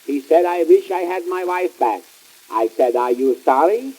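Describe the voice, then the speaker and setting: A man performs a wisecracking comic businessman straight out of a 1920s vaudeville record. The voice sits high and husky, and every line lands as a dry punchline delivered in quick patter. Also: low-quality recording. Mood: announcing. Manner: punchline-driven deadpan patter.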